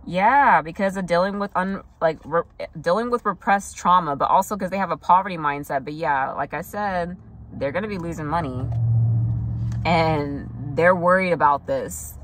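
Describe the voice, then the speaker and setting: A woman's voice: fairly low pitch, a bit bright, no echo. A young woman giving a casual tarot reading, chatting loosely with lots of fillers, asides and mocking imitations of what people say. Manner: chatty, filler-heavy, quick asides and mock quotes. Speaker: tarot reader.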